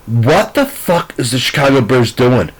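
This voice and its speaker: A man's voice: mid-range voice, very animated, measured pace, breathy edge, rough recording. A man ranting through a sports recap, profane, frustrated and rambling. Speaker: sports commentator.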